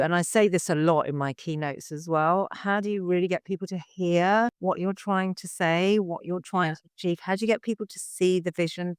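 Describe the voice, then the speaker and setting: A man's voice: a little high, clear, resonant tone, dry recording, clean studio sound. A man hosting a podcast interview, talking in a rambling, reflective way with lots of restarts. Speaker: podcast host. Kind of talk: conversational interview.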